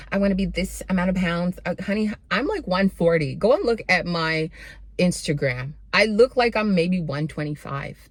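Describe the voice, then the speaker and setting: A young woman talks straight to her viewers in a blunt, sassy motivational pep talk and calls them honey and babe. Her voice sits a little low. The sound is dry and close, with no room echo. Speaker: self-improvement vlogger.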